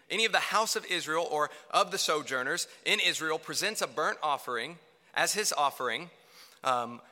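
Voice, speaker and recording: A man preaching a sermon to a congregation, emphatic, swinging between loud declarations and hushed lines. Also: fairly high pitch. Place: church hall. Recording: reverberant hall.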